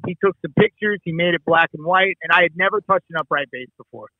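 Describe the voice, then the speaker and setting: A middle-aged man from the Midwest tells a story in a lively, casual way, acting out dialogue and swearing freely. His voice sits high and he talks fast. The call audio is dry and dull. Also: no echo. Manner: animated, swearing, acts out dialogue. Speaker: actor and producer guest. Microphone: remote call.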